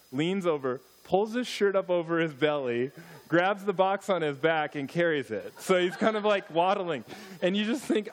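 A man, a missionary speaker, giving a church talk with humorous stories, animated asides to his audience. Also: on the high side. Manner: storytelling, joking, animated asides.

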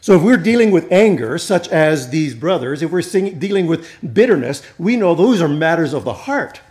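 High-voiced preaching man. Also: very animated, normal speed, darkish tone. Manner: conversational preaching with humor and audience asides. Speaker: pastor. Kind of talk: sermon.

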